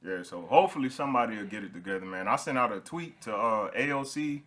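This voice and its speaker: Young guy hosting a podcast, bright voice, gets loud and laughy telling stories. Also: on the low side, fast talker. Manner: animated storyteller, laughs while telling stories. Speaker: podcast host. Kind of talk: casual podcast chat.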